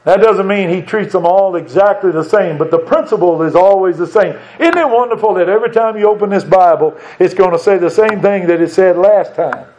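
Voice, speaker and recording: A man's voice: sits high, a little fast, hardly any pauses, a little mellow, slight background noise. A man preaching a folksy church sermon, talking conversationally and asking the congregation rhetorical questions. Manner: conversational, asks rhetorical questions, chuckles now and then. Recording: dull lo-fi church recording.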